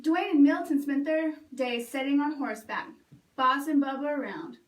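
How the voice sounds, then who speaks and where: Librarian lady doing storytime, lively reading, kinda far from the mic. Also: sits high, moderate pace, a little hiss or hum. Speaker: children's librarian. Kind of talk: storytime read-aloud. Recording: roomy echo, away from mic.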